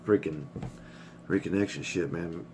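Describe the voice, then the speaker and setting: A middle-aged man talks candidly in a casual personal vlog, his deep voice moving a little slowly over background noise. He rambles, swears freely, and gets emotional to the point of choking up.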